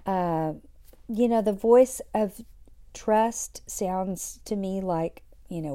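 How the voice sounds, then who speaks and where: A middle-aged woman hosting a devotional podcast, talking in a soft, reflective way and dropping to a whisper for scripture. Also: medium pitch, slow. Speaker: podcast host.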